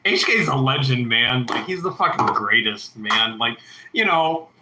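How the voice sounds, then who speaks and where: Man, 30s, livestream host; rambling, profane, sharp bright tone, echoey room. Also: medium pitch, animated, moderate pace. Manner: rambling, heavy swearing, reads chat aloud. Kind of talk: casual livestream chat.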